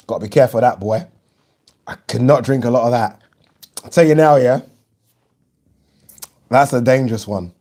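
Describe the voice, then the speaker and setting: A man hosting a casual live stream, chatting and reading viewer comments aloud in an animated way. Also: mid-range voice, moderate pace, pauses often. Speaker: boxing channel host.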